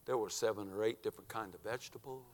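A man preaching a sermon, telling a story dramatically and swinging from hushed near-whispers to loud emphatic cries. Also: fairly low pitch, fast talker, big-room sound.

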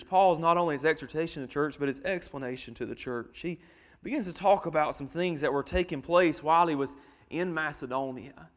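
Male preacher, high voice, dynamic sermon delivery with big swings in volume. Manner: swings from quiet to loud, slowing for emphasis.

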